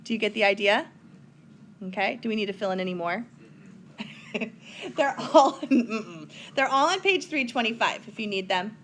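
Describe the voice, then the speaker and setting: A woman's voice: mid-range voice, lively intonation, moderate pace, long pauses, fairly bright tone, slight background noise. A woman teaching a recorded whiteboard math lesson, chatty, with playful asides to her students.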